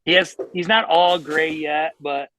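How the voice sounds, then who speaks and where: A man's voice: on the high side, fairly even intonation, unhurried, pushed and bright, slight background noise, rough recording. A man in his thirties, a racing guest telling long self-mocking stories in a casual interview. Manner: rambling, self-mocking storyteller.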